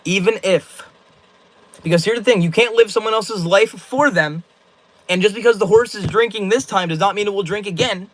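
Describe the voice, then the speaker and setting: A man's voice: sits high, normal speed, a bit bright, rough recording. A young man hosting a casual livestream, reading viewer comments aloud and answering them in loose, slangy rambles. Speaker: livestream host.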